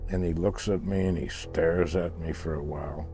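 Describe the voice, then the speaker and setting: Older man, casual storyteller, mellow tone, halting delivery. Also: low voice, steady tone, faint music behind. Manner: halting, repeats words when searching for them. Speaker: interviewee recounting a past voyage.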